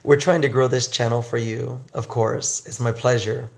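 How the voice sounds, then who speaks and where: A man teaching English on a livestream, chatting with viewers and slowly drilling pronunciation. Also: mid-range voice, fairly even intonation, gravelly, darkish tone. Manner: slow, drawn-out pronunciation drills.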